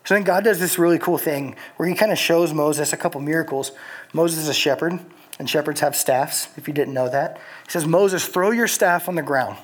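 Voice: medium pitch, fairly quick, slightly rough. A young adult preacher giving a casual sermon, telling the story in a chatty way with lots of filler words.

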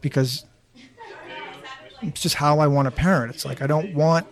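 A man in his fifties chatting casually, halting with restarts and swearing freely. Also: a little high. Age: 50s. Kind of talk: casual chat.

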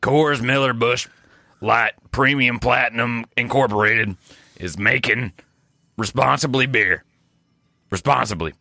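A man puts on a drunk beer company boss who rambles, swears and keeps apologizing. His voice is low and gravelly with a sharp, bright edge, and the sound is dry and close. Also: measured pace, long pauses, dry recording, exaggerated voice. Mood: rambling. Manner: rambling, apologetic, swearing, clears throat often. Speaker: podcast co-host doing improv. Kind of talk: improvised comedy character.

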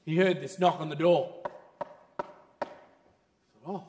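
A man preaching a sermon in church, animated and laughing as he talks. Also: on the high side, moderate pace, in a large hall. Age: 30s.

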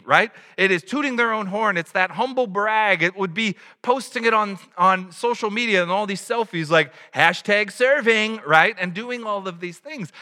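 A man's voice: high-pitched, pushed and bright, big-room sound. A man preaching a sermon in a conversational way, a father who acts out little quotes. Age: adult, has a child. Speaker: pastor.

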